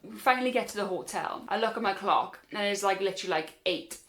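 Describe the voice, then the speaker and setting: A young woman, telling a personal story in a casual, animated way and acting out other people's lines. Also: mid-range voice, fast. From Wales. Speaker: storyteller vlogger.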